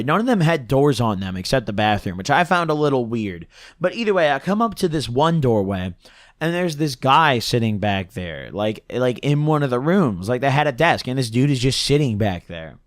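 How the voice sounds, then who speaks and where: A young vlogger tells a long story to the camera in a casual, slangy way, rambling and using filler words constantly, his throat a bit scratchy. His voice is medium-pitched with a fairly bright tone, recorded at studio quality with no room sound.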